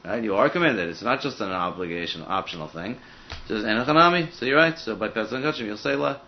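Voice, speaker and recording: A man leads a Talmud study group at a brisk clip, working through the text aloud with frequent "I mean" asides. The recording is dull and lo-fi, with a muffled top end. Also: lowish voice, lively intonation, slight background noise. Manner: fast, thinking aloud with many "I mean" asides. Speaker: Talmud teacher. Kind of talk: casual study-group teaching.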